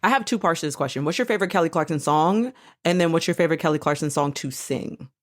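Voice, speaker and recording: Low lady podcast host, chatty and excited, swears some. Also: quick pace. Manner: animated, swears casually, sings snatches of songs. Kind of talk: casual chat.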